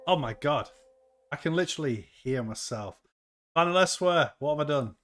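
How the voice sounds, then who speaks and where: A slightly high-voiced man hosting a relaxed crypto livestream. He talks in an upbeat, rambling way, reacting to the market and reading out chat messages as he goes. His delivery is loose and conversational. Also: moderate pace. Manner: upbeat, chatty, reads chat aloud.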